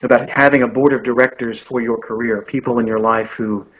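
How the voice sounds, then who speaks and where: A man's voice: medium pitch, steady tone, a little fast, fairly bright tone, husky, low-quality recording. A man in his forties, an audiobook narrator and coach, giving thoughtful, earnest answers in a podcast interview. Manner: earnest and thoughtful, with frequent restarts.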